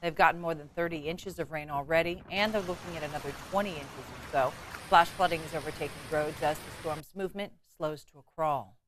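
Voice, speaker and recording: A woman anchoring a weekend morning newscast, reading stories briskly with chatty asides, from a TV studio. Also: low-pitched, a bit bright, slight background noise. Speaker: news anchor.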